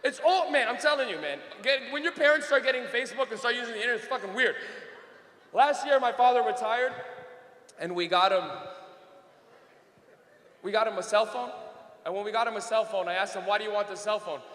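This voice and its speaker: A young comedian with a very high, slightly bright voice speaks a little fast but leaves long pauses. On a club stage he delivers a brash, profane set as a laughing storyteller, with long reverb echoing around the room.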